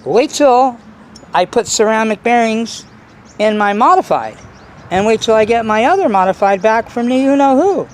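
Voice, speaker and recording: A man talking to camera about his hobby in a casual, boastful, rambling way, full of restarts and excitement. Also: high voice, a little hiss or hum. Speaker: RC nitro hobbyist vlogger.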